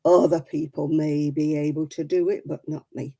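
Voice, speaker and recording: A woman's voice: low voice, expressive, measured pace, vocal fry, pauses often, mellow, poor audio. A woman hosting a casual crafting livestream, chatting to viewers by name in a self-deprecating way.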